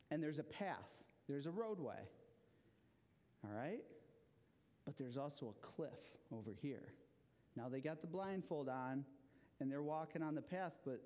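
A man giving an interactive children's sermon in a church, asking the listeners questions as he goes. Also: a little high. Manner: animated, asks the audience questions. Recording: long hall reverb.

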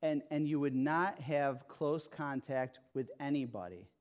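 A pastor preaches in a medium-pitched, a little slow and mellow voice. He speaks with emphasis, repeats phrases, and keeps checking in with "okay?" and "right?"

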